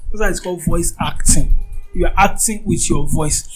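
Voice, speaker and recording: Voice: medium pitch, moderate pace, soft background music, poor audio. A voice acting teacher giving an informal lecture, talking conversationally and often checking that the listener understands.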